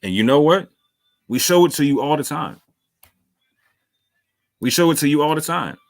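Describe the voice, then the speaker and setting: A man's voice: a little high, lively intonation, moderate pace, gravelly. A man giving a heated, slangy video response, repeating himself for emphasis. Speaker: online commentator. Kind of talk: casual video rant.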